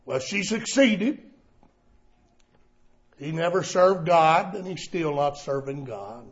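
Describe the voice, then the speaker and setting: A male preacher delivers a sermon, swinging between loud cries and hushed tones. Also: on the high side, animated, takes it slowly, pauses often, dull audio.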